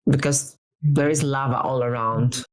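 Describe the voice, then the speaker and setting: Low-pitched woman contestant, unhurried, teasing and giggly. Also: steady tone, poor audio. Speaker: quiz contestant. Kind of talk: casual playful chat.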